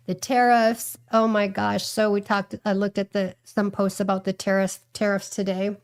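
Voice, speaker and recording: A woman's voice: mid-range voice, fairly even intonation, unhurried, hardly any pauses, darkish tone, clean tone. Chatty rambling woman livestreamer. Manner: chatty, rambling, thinks aloud with fillers. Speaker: livestream host. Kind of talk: casual livestream commentary.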